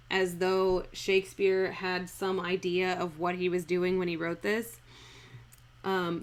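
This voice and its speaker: A woman giving a casual, irreverent acting lesson, reading verse lines slowly aloud to test their rhythm and breaking them down for a live stream. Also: lowish voice. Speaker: acting coach streaming a script analysis.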